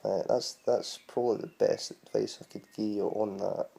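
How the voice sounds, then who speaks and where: Scottish male vlogger, gravelly and dark-toned, rambling casual explainer. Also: fairly low pitch, fairly even intonation, normal speed. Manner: chatty and rambling, spells words out letter by letter. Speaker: vlogger teaching Scottish words.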